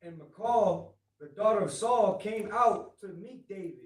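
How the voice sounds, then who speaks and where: High-voiced guy reading scripture aloud, off-mic in an echoey room. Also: expressive, measured pace, far from the mic. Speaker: scripture reader.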